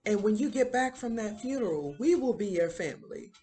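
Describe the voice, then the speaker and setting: A woman voicing a stern male schoolmaster who calls out to a runaway boy with raised, pleading shouts. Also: mid-range voice, animated, a little fast, pitched above the performer's own voice, natural voice.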